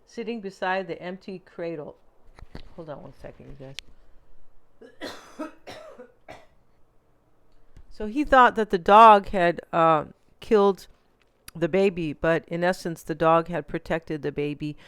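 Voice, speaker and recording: A woman with a fairly low voice talks through a tarot reading. She rambles chattily, trailing into fillers and little asides as she thinks aloud. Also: animated, slow, pauses often, a bit bright, clean tone. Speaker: tarot reader. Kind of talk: casual tarot reading monologue.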